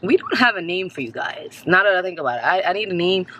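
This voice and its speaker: A woman vlogging her family outing in a chatty, blunt, casual way, a little hoarse from screaming. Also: on the low side, quick pace, slight background noise. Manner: chatty, blunt, excitable coaching. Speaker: vlogger, mother. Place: outdoor skating rink, then car. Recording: music playing behind. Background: loud music.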